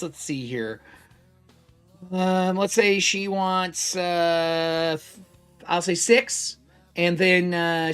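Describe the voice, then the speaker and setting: A man's voice: on the high side, fairly bright tone, smooth. A man playing a tabletop game solo, narrating casually and thinking aloud as he counts supplies and swears freely.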